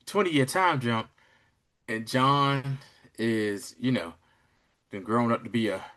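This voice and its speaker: A man's voice: mid-range voice, slow. A man co-hosting a podcast, casually recapping a TV episode with slang, laughing and acting out quoted lines. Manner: animated storyteller, acts out quoted lines; slangy, laughs while talking. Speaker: podcast co-host.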